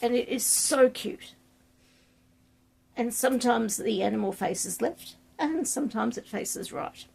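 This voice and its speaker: A woman's voice: on the high side, unhurried, creaky, darkish tone, slightly rough. A woman vlogging about a book she loves, chatting enthusiastically and reading passages aloud with relish.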